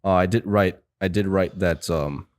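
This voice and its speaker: A man's voice: low voice, normal speed. A man hosting a casual film podcast, talking in a rambling way with lots of fillers and restarts. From United States. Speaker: podcast host.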